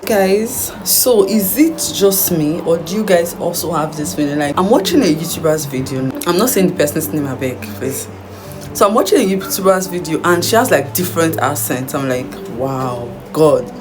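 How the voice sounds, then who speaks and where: A woman's voice: on the low side, lively intonation, normal speed. A young Nigerian woman with a Nigerian accent, chatting casually to viewers in a home vlog and asking them questions. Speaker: vlogger, mother. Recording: echoey room with background guitar music.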